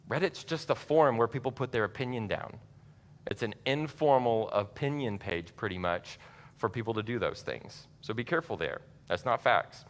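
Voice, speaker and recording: Animated man teaching in a church. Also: mid-range voice. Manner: conversational, animated, laughs at his own asides. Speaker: church speaker teaching parents. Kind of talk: church seminar talk. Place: church sanctuary. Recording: long reverb of a large church hall.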